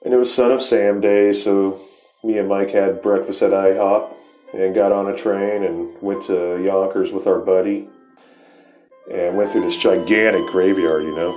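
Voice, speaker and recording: A man's voice: deep voice, steady tone, a little slow, darkish tone, soft background music. A man in his forties telling rambling, profane stories in a laid-back stoner way as the host of his show. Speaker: podcast host. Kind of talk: casual storytelling.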